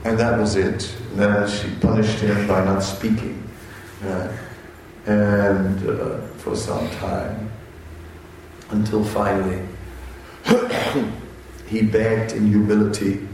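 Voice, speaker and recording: Slow-spoken man telling a story in an echoey room. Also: fairly low pitch, level tone, a little mellow, distant mic, slight background noise. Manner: halting, unhurried storyteller who briefly voices quoted characters. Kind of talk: storytelling religious talk.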